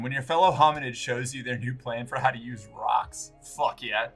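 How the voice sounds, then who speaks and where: A man's voice: mid-range voice, normal speed, a bit bright, breathy edge, faint music behind. A man streaming live, chatting casually and rambling, often restarting and swearing. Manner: rambling, self-interrupting, swears.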